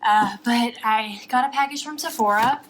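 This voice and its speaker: Bright-voiced young woman, chatty vlog. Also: on the high side, moderate pace, slight background noise, low-quality recording. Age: young adult. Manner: chatty, rambling, with fillers. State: a little out of breath. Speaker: vlogger. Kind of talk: casual unboxing chat. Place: apartment.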